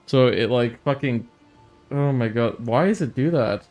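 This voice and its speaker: A man's voice: medium pitch, unhurried, darkish tone, soft background music. A man giving casual commentary while playing a game, exasperated and swearing to himself. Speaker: gamer streamer.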